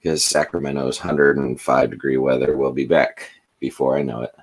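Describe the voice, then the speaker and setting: A man co-hosting a podcast, chatting in a relaxed, rambling way and telling stories. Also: very deep voice, normal speed. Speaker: podcast co-host. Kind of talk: casual chat. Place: home in a hot valley.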